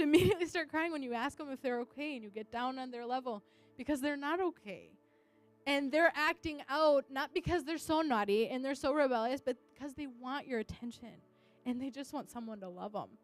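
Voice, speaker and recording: A woman's voice: high voice, brisk, soft background music. A young woman, an English teacher, earnestly sharing a personal testimony and acting out what people said. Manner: earnest storytelling, acting out quotes.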